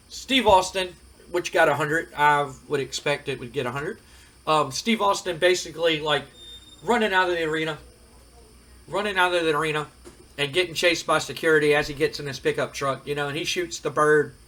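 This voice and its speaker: A man's voice: a little high, bright, forceful tone. A man hosting a casual gaming commentary, chatty and rambling with frequent fillers. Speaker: host.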